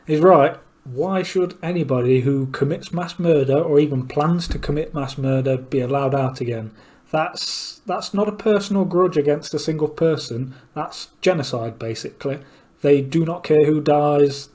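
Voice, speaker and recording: A man's voice: medium pitch, darkish tone. A man giving blunt, opinionated commentary between clips and asking pointed questions. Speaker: political commentator.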